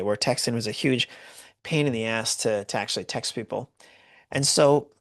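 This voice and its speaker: A Canadian man telling a story in a loose, rambling way, full of "like" and false starts. His voice sits at an ordinary middle pitch and sounds dry and close, with no room around it. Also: fairly bright tone, no echo. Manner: rambling, lots of "like" and restarts. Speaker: podcast host. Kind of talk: casual storytelling.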